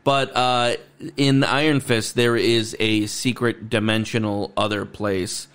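A man's voice: lowish voice, little pitch movement, takes it slowly, a bit bright, clear, resonant tone. A man co-hosting a podcast, talking casually and agreeably about a movie, with easy swearing. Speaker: podcast co-host. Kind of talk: casual movie review chat.

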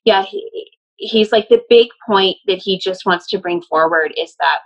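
In a low-quality recording, a medium speaks at a measured pace in a medium-pitched voice while channeling a spirit. The session is casual, and she passes along the messages with emphasis.

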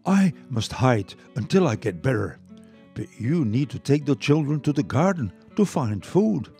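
A man voicing a sick father mouse who speaks slowly and softly. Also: medium pitch, big pitch swings, creaky, faint music behind, pitched above the performer's own voice. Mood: weak. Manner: slow, soft and pleading.

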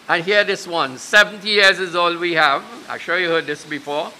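A man leading a funeral prayer and sermon, earnest and repeating key lines slowly for emphasis. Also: high-pitched, bright, forceful tone. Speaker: minister leading a funeral service. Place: funeral service.

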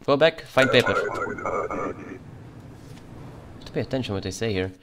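A man's voice: medium pitch, animated, very fast, very noisy. A man commenting on his gameplay in a put-on Russian accent, playing a stern border guard. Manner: curt, stern official tone toward game characters. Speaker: let's play gamer.

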